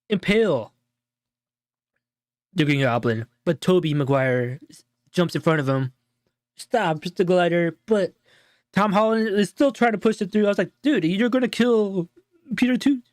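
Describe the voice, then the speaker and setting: A man co-hosting a show, casually breaking down a movie in a rambling, animated retelling full of fillers. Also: on the high side, smooth, no room sound, clean studio sound. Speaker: show co-host.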